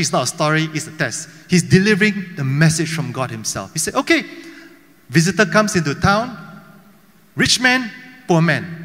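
Man preaching, high ringing voice, storyteller style, rhetorical questions, church hall reverb. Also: sharp tone. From Malaysia. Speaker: pastor. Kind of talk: sermon.

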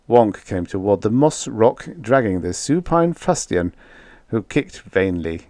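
A man narrating a science fiction audiobook in an expressive, lively reading. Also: fairly low pitch, measured pace, dry recording.

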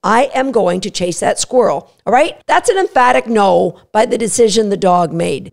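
A woman's voice: fairly high pitch, creaky. A woman hosting a podcast on dog training, talking emphatically and acting out what dogs say. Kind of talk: podcast monologue.

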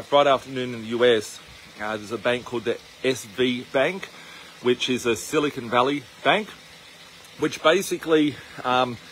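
An Australian man holds a phone camera and talks to it outdoors. His voice sits at an ordinary middle pitch, and he wanders through his points with plenty of ums and restarts. Faint outdoor noise runs behind him. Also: a bit bright, low-quality recording. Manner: rambling, with many fillers and restarts. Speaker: investment channel host. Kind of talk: casual to-camera vlog. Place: outdoors on his farm, walking.

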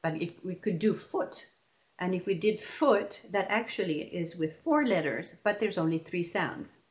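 A woman's voice: lowish voice, lively intonation, measured pace. A woman presenting an online teacher-training session, explaining classroom methods step by step and often restarting her phrases.

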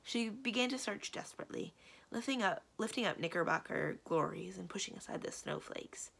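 A woman librarian reading a children's book aloud in an expressive storytelling voice. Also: mid-range voice, brisk, creaky, husky. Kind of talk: children's read-aloud narration.

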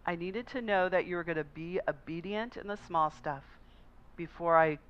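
A woman giving voice to God, speaking calmly and plainly with quiet firmness. The recording is slightly dull and lo-fi. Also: on the low side, normal speed, smooth, lightly acted. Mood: firm. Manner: calm, plain, matter-of-fact. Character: the Lord, calm and firm divine voice.

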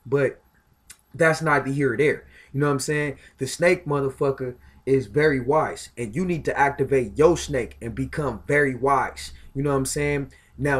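Speaking in a slightly higher pitch, this self-styled spiritual commentator rants casually and profanely about spiritual matters. Heavy emphasis, recurring filler phrases and stumbles over repeated words mark the way he drives his point home.

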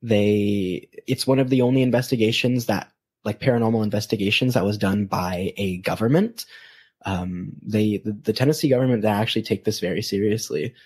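A man's voice: lowish voice, brisk, a little mellow, breathy edge. A man hosting a podcast, telling a story casually with many hesitations. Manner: hesitant, many ums and restarts. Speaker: podcast host.

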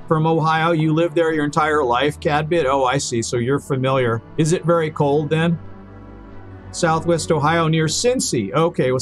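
A man streaming a video game, chatting casually with viewers and repeating himself as he rambles. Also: a little high. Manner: rambling, repeats words and restarts often. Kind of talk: casual live-stream chat while gaming.

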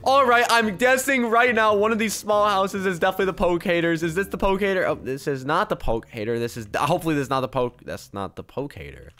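A young man giving excited gameplay commentary as a video host, jumping between hushed muttering and sudden shouts. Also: high-pitched, quick pace, hardly any pauses, slight background noise. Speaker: gaming YouTuber.

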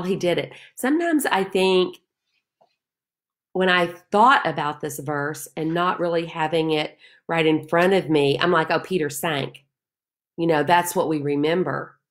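A woman leading a Bible study, reading scripture aloud and speaking to listeners in an earnest, heartfelt way. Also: lowish voice. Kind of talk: devotional Bible teaching.

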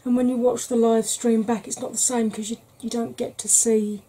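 A Welsh woman chatting frankly in a soft-spoken ASMR vlog, rambling with fillers. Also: fairly high pitch, little pitch movement, moderate pace, breathy edge. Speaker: ASMR vlogger.

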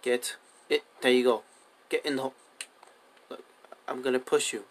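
A man's voice: medium pitch, fairly even intonation, normal speed. A young man talking through his survival game in a loose, rambling way. He keeps coaxing animals along with the same commands over and over, in an ordinary mid-range voice. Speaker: gaming video host. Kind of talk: casual gameplay commentary.

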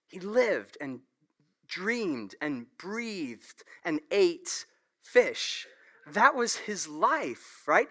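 A man preaching a sermon as a pastor, telling stories in an animated way with quick laughs and asides to the congregation. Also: sits high. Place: church sanctuary.

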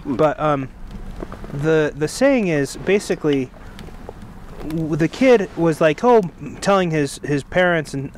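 A man's voice: on the high side, lively intonation, slow pace, a little hiss or hum. A man co-hosting a casual religious podcast, telling a story in a rambling way and correcting himself as he goes, sitting outdoors by a fire. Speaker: podcast co-host.

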